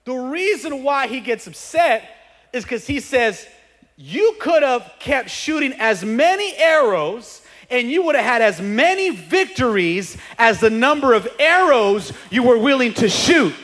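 A male pastor preaching a sermon, animated, rising to shouts at the peaks. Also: very high voice, unhurried. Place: church sanctuary. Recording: reverberant church hall.

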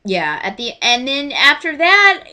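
A woman in her twenties telling a story in a casual vlog, animated and emotional as she acts out quoted lines. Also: high-pitched, a little slow. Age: 20s. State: choked up. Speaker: vlogger.

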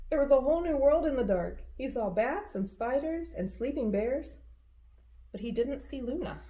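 A woman hosting a virtual storytime, reading a children's picture book aloud with expressive, animated narration. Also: on the high side, slight background noise. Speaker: storytime reader.

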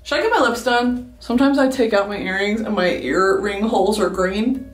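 A woman's voice: medium pitch, moderate pace, natural voice. A young woman from Texas putting on an Essex English accent to play a vain, bubbly young Essex girl in a comedic makeup tutorial parody, chatty and gushing, calling everyone babes. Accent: put-on Essex English. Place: indoors at home. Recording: roomy echo, faint music.

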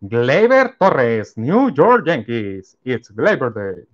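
Slow man reading out baseball cards. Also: mid-range voice, wildly swooping pitch, dull audio. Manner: slow, reads out each card name and team. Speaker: card collector opening packs. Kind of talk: casual card-opening commentary.

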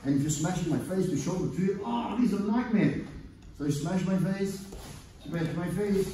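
A man's voice: sits high, animated, moderate pace, mellow. A man teaching a jiu-jitsu seminar, directing a partner on the mat with coaxing, direct commands while he demonstrates. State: strained, pressed under a partner's weight at times. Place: large indoor training gym. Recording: echoey gym, mic far off, some noise.

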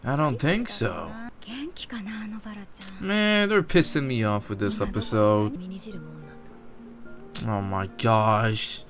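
A man giving a live reaction commentary, excitable and full of casual slang. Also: fairly low pitch, slow pace, long pauses, music in the background. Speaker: anime reaction creator.

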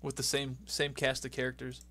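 A man's voice: mid-range voice, monotone, moderate pace, sharp tone. A young man co-hosting a casual podcast, animatedly recapping a match and laughing as he goes. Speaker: podcast co-host recapping wrestling.

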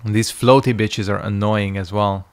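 A man's voice: on the low side, steady tone, normal speed. A young man casually commenting on a game he is playing, muttering to himself and swearing. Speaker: gaming streamer.

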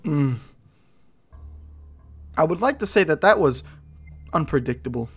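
A young man giving casual let's play commentary, frustrated and swearing as he fights a hard boss, with loud outbursts. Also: fairly high pitch, lively intonation, unhurried, pauses often, slightly rough, faint music behind.

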